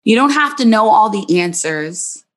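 A woman hosting her own podcast, speaking in a gentle, soothing, reflective monologue. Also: mid-range voice, expressive, measured pace. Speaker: podcast host and psychologist.

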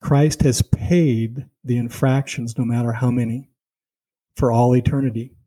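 A man with a mid-range, dark voice speaks in a steady tone and a little slowly, on a rough recording. He teaches a Bible lesson conversationally, sharing personal stories and hammering his points home with "see" and "you know."

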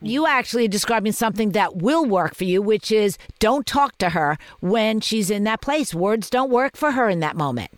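A woman hosting a parenting podcast, coaching a mother in a calm, affirming, gently guiding way. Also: mid-range voice, moderate pace, few pauses, no echo, studio quality.

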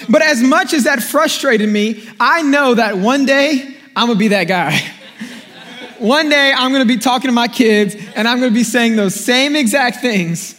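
A man's voice: very high-pitched, normal speed. A young man preaching a sermon, telling a playful, joking story and calling out to the congregation. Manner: animated storytelling, playful and jokey, calls out to congregation. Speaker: pastor. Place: large church hall. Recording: long hall reverb.

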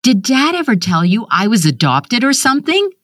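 In a clean studio recording with no room sound, a woman voices a shaken grown son urgently pressing his family with questions. She pitches herself above her natural voice, speaking a little high and sing-song at a moderate pace with a fairly bright tone.

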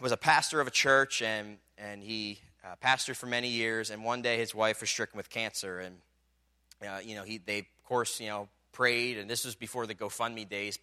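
Male pastor, bright and crisp; chatty sermon storytelling that swells into emphatic points. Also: medium pitch. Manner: conversational storytelling with many fillers, building to emphatic climaxes.

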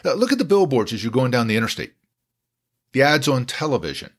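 A man's voice: mid-range voice, big pitch swings, fast. Man, lawyer giving truckers a folksy talk, jokey, repeats key points. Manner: folksy, jokey, with emphatic repetition. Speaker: lawyer advising truck drivers.

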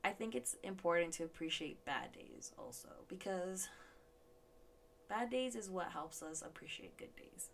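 A young woman talks loosely into her podcast mic, with a gravelly edge and a fairly low voice. She swears freely, laughs often, and sounds a bit stuffy and yawny. A faint hiss sits behind her. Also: measured pace. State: yawning, stuffy sinuses. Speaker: podcast host. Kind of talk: casual solo podcast chat.

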